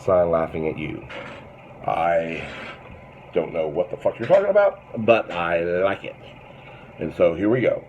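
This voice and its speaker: A man's voice: low-pitched, animated, unhurried, long pauses. A man hosting a comedy show, delivering a crude, blustering monologue in a mock-bigoted persona. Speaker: host. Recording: tinny phone-like lo-fi sound with faint noise.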